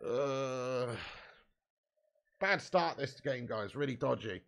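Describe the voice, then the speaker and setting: Excitable fan commentator, bright voice. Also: male voice, medium pitch, slow pace, gravelly. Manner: excitable, swears freely, shouts at chances. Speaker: host of a fan match watch-along.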